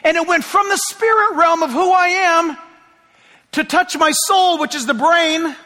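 A man's voice: very high voice, unhurried, bright, forceful tone, long reverb tail. A middle-aged man preaching a sermon as pastor, telling chatty stories with self-deprecating humor.

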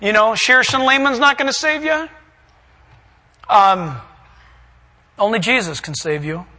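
Man, preacher, sermon, very high voice, bright tone, animated delivery. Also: unhurried, big-room sound, rough recording. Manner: animated, acts out voices and shouts for emphasis.

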